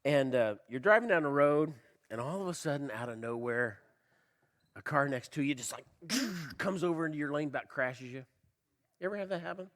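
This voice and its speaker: A male pastor preaching a sermon, asking the congregation questions and swinging between loud emphasis and quiet low lines, with a slight cough. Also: lively intonation, a little fast. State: slight cough, tickle in throat. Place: church.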